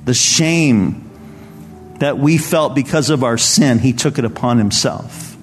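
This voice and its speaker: A man delivers a sermon at a church service in a mid-range voice. He speaks earnestly but casually, as if chatting with the congregation. Soft music plays faintly behind him. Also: medium pitch, measured pace, long reverb tail. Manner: conversational, earnest storytelling. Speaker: pastor.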